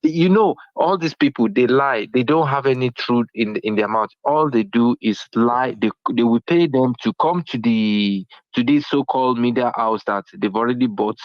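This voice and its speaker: Male caller, medium pitch, drums the same word again and again, muffled dry phone audio. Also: moderate pace, hardly any pauses, no room sound. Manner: emphatic, repeats single words over and over. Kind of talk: phone call-in rant. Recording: dull, dry phone-line sound.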